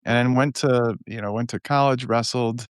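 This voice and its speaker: A man's voice: mid-range voice, steady tone, moderate pace, smooth, dry recording, studio quality. A man, a doctor and podcast guest, talking in an easygoing, self-deprecating way. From United States. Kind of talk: casual interview.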